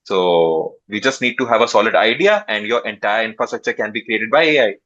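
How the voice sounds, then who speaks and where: A man answering interview questions as a startup founder, pausing often with drawn-out fillers. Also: fairly low pitch, lively intonation, fairly bright tone, highs cut off. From India.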